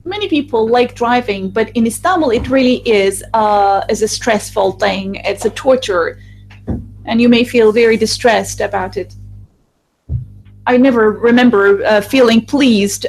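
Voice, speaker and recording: A woman giving a live voice-over interpretation of a group discussion, speaking in a halting way with restarts and fillers. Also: medium pitch, gravelly, faint music behind, low-quality recording.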